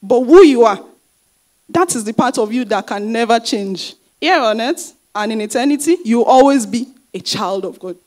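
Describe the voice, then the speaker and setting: A woman's voice: fairly high pitch, animated, moderate pace, a little mellow. Emphatic woman pastor preaching. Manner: emphatic, repeats key phrases, asks rhetorical questions. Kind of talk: sermon.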